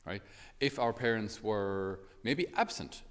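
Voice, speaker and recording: A man's voice: fairly low pitch, slow, in a large hall. An Irish man, a priest, giving a homily in a chatty, storytelling way with many fillers.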